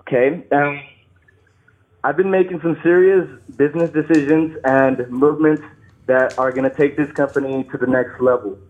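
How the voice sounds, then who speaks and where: A nervous, shaky man calling into a show, talking haltingly, apologizing and restarting his sentences. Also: on the high side, fairly even intonation, darkish tone. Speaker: caller. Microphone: phone. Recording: tinny phone line.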